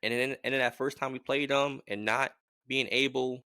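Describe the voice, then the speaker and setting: A man vlogging as a sports fan, giving a rambling, animated game prediction in casual talk. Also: medium pitch, moderate pace, no room sound, studio quality. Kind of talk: casual sports opinion monologue.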